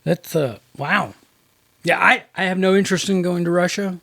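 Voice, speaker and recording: A man's voice: sits high, normal speed, vocal fry, bright, forceful tone. A man co-hosting a podcast in casual chat, a rambling storyteller who laughs often. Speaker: podcast co-host.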